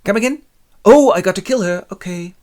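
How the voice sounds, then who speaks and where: A man's voice: sits high, fairly quick, a little mellow, voice pushed up, natural voice. A man voicing an anxious, haunted young soldier who pleads and frets. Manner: jittery, pleading.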